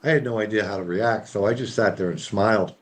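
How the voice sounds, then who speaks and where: A man with a fairly low voice tells a personal story in a relaxed group chat. He meanders through it, full of fillers and small asides. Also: quick pace. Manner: rambling, with many fillers and laughs. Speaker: discussion participant. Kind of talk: casual storytelling.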